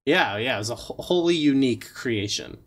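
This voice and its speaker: A man's voice: medium pitch, lively intonation, a little fast. A man co-hosting a podcast, chatting casually and easygoing, with many fillers. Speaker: podcast co-host. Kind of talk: casual chat.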